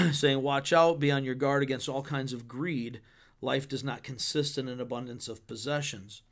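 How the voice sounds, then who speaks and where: A man who is a pastor, talking through a Bible passage in a relaxed podcast chat and reading verses aloud with playful paraphrase. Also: mid-range voice, moderate pace. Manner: conversational, reads scripture with playful paraphrase. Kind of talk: podcast sermon discussion.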